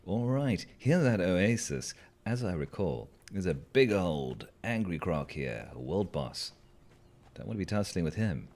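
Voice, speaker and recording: A man's voice: low-pitched, big pitch swings, measured pace, darkish tone. A man chatting playfully through a game as a let's-play host, joking with the creatures on screen. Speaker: gaming channel host.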